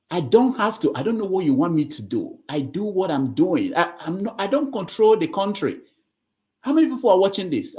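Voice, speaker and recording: Lively-voiced man lecturing as moderator. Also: high-pitched. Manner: lecturing, scolding, repeats himself. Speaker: host moderating an online discussion. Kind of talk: casual moderating talk.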